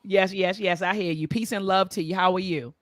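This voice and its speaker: A woman's voice: mid-range voice, fairly even intonation, brisk, no echo. An impassioned woman hosts a live-stream book discussion. Her voice sits in a middle range. She speaks with a rhythmic, preacher-like repetition, and the sound is dry and close, with no room around it. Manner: impassioned, preacher-like cadence, repeats phrases. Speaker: host.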